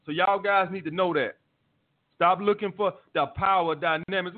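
A man's voice: sits high, steady tone, moderate pace. Profane, blunt man on a tinny line. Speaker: dating advice host. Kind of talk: live call-in show, answering listener messages.

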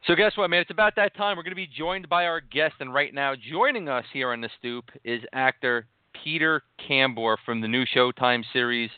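Host guy, smooth clear voice, super eager, keeps saying man, sounds like a phone. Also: mid-range voice, normal speed, hardly any pauses, dry recording, phone-quality sound. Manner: eager, repeats man a lot. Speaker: podcast host. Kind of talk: casual interview hosting.

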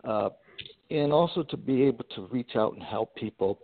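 A man in the middle of his range tells a personal story with lively energy, stumbling through fillers and restarts as he builds it. His voice comes through a thin, tinny, phone-like line. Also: mid-range voice, normal speed, slight background noise. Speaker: guest entrepreneur. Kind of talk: storytelling in a podcast interview.

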